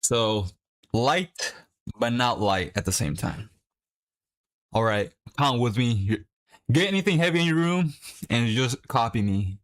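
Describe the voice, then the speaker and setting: A young man chatting casually while watching a match live and coaching viewers through a quick workout. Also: medium pitch, animated. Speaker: livestream host. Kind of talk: casual watch-along chat.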